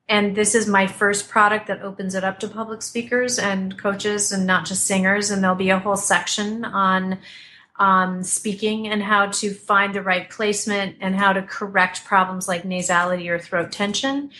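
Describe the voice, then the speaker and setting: A woman vocal coach talks through technique in an animated, chatty way, often restarting her sentences. Her voice is bright and forward. A faint background hum sits under her speech, picked up by a desktop mic at some distance. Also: mid-range voice, moderate pace. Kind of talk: remote interview, explaining technique. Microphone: desktop computer mic at a distance.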